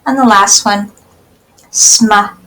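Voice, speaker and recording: A woman teacher giving a phonics lesson to young children, speaking slowly and sounding out each word part clearly. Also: medium pitch, steady tone, fairly bright tone, poor audio. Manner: slow, carefully enunciated, sounding out word parts.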